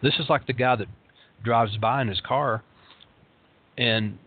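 A man's voice: medium pitch, a little slow, husky. A man in his late fifties giving a rambling, casual talk on meditation and suffering, with dry humor and many fillers. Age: 50s. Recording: tinny phone-like lo-fi sound.

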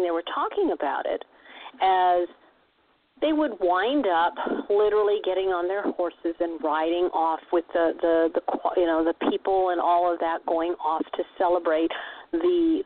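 A woman's voice: lowish voice, moderate pace. A woman co-hosting a radio show, chatting casually and rambling with restarts. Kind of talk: casual chat. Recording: tinny phone-like radio sound.

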